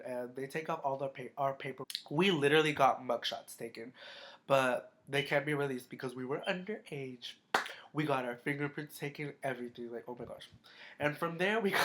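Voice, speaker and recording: Chatting casually through a storytime vlog, a teenage boy swears heavily and rambles with nonstop fillers. His voice is a little high and a bit bright, and it cracks as he goes.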